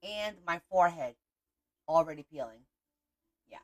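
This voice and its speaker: A woman's voice: fairly low pitch, lively intonation, normal speed. A middle-aged woman hosting a casual livestream, chatting in a rambling way and greeting viewers by name. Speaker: livestream host.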